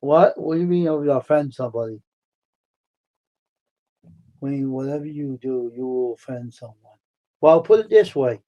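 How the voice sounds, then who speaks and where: A man hosting a casual live stream from the United States, answering his chat by name, repeating himself, worked up at times and then calming his viewers down. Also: mid-range voice, normal speed, long pauses, dull audio. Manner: talks back to chat, repeats himself, heated then soothing.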